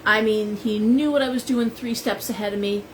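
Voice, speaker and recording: A woman's voice: on the high side, steady tone, moderate pace, a little hiss or hum, poor audio. Chatty woman telling stories on a live stream. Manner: chatty, rambling storyteller. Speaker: shop owner and tarot reader. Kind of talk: live-stream chat with viewers.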